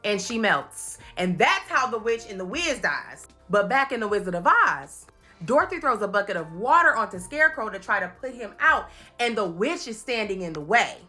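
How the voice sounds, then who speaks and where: A woman recapping movies in a playful, animated comedic commentary, laughing often and slipping into quick impressions. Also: medium pitch, faint music behind. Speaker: commentary host.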